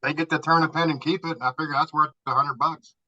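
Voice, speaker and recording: A man's voice: fairly high pitch, fairly even intonation, fast, pushed and bright, no echo. A man in a casual club chat, loose and profane, laughing as he tells stories over a video call. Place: home garage. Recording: dull lo-fi video call audio.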